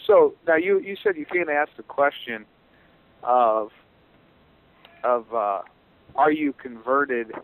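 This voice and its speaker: A man asking theological questions, hesitant and halting with many restarts. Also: mid-range voice, lively intonation, clear, resonant tone, dry recording. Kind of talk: theological discussion. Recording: tinny phone line.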